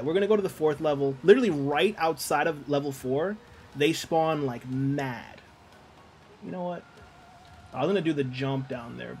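A man's voice: a little high, darkish tone. A man streaming a video game, chatting casually and joking with his viewers as he plays. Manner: chatty, joking, talks to chat and reads out messages. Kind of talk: casual chat while playing a game.

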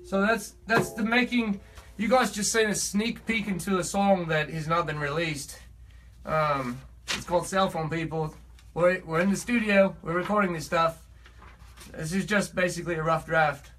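A man's voice: high voice, normal speed, fairly bright tone, slight background noise. A man with a put-on British accent, a musician talking in a rambling, earnest and preachy vlog monologue.

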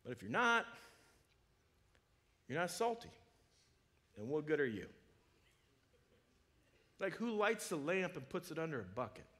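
Male pastor, sermon, slightly high voice, casual fillers, loud urgent climaxes. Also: big pitch swings, moderate pace, long pauses. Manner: builds from low, quiet asides to loud, high-pitched urgent peaks; casual, conversational preaching with fillers and restarts. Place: church sanctuary.

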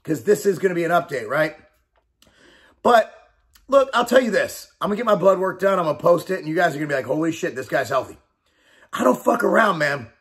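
A man's voice: high voice, lively intonation, quick pace, fairly bright tone. Blunt, emphatic man in his forties. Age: 40s. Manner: blunt and emphatic, swearing, repeats himself. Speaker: fitness company owner and bodybuilder. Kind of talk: casual vlog talk to camera.

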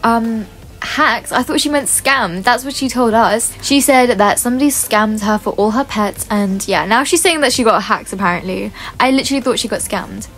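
A young woman giving casual game commentary to her viewers, chatty and excitable, often gasping and gushing as she talks. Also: fairly high pitch, moderate pace. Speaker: gaming YouTuber.

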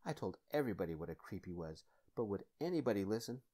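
A man voicing a spiteful, sneering sister-in-law in a soft-spoken ASMR story. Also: lowish voice, very animated, quick pace. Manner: sneering, yelling.

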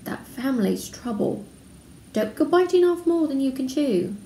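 A woman's voice: high voice, big pitch swings, normal speed, mellow, pitched above the performer's own voice. A woman reading aloud voicing a fretful, fussing motherly witch who speaks sharply. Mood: warning. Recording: roomy room, faint background noise.

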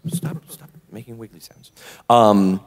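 A man co-hosting a live podcast, telling a story in a lively, animated way. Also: on the low side, unhurried. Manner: animated, acts out both sides of quoted exchanges. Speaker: podcast co-host. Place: convention stage with long reverb. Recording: live hall reverb.

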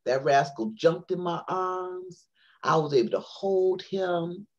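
A woman, a poet and author, telling a long personal story on an interview show in a rambling, animated way, full of fillers and restarts. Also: lowish voice, takes it slowly, dull audio.

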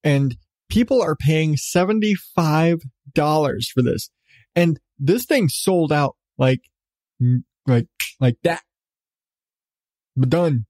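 A man's voice: a little high, expressive, takes it slowly, long pauses, darkish tone, no room sound. A man hosting a podcast, ranting sarcastically about odd news with lots of swearing and laughs. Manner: profane, sarcastic, laughing often. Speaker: podcast host. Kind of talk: casual comedic news rant.

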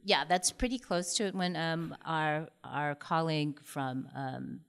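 Woman, low-pitched museum host; relaxed, halting Q&A chat. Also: clean tone. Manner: chatty, hesitant, many fillers and restarts. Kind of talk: Q&A discussion after a lecture.

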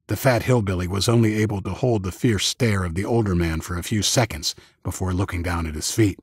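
Male audiobook narrator, first-person storytelling, measured, low pitch, husky tone, dry close mic. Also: steady tone, dry recording.

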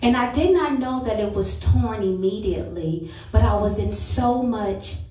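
A woman's voice: medium pitch, normal speed, mellow. Woman preacher, earnest testimony, heard from afar in a very echoey sanctuary. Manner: earnest, personal storytelling. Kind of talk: sermon testimony. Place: church sanctuary. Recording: roomy church sound from a distance.

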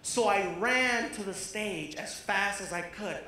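A male comedian tells a story on stage, animated, and laughs along with his own punchlines. His pitch sits in the middle. The recording has heavy room echo and a faint hiss behind it. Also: a little slow. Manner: animated, acts out voices, laughs at own jokes. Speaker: stand-up comedian. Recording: echoey live stage recording, faint noise.

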